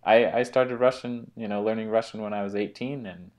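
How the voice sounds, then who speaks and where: An American man co-hosting a relaxed conversation, his voice sitting a little low. He speaks haltingly, often stopping and restarting as he looks for the right words. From United States. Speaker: co-host. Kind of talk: casual chat.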